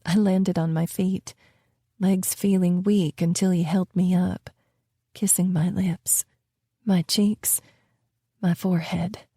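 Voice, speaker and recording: A woman reading a romance audiobook slowly and intimately, her voice soft and breathy. The tone is mellow, and the recording is dry and close. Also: lowish voice, steady tone, no echo. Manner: slow and intimate, at times whispered. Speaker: audiobook narrator. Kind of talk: scripted romance narration.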